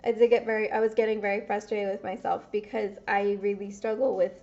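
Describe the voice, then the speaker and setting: A woman's voice: mid-range voice, flat delivery, brisk, a little mellow, soft background music. A young woman, rambling and swearing through a casual confessional vlog while gaming. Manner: rambling, swears often, self-interrupting. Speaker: vlogger. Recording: dull lo-fi audio.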